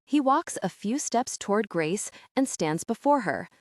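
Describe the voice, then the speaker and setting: Female audiobook narrator, animated storytelling voice, dry booth recording. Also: medium pitch, measured pace, dry recording. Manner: expressive, varied character reading. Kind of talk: scripted narration.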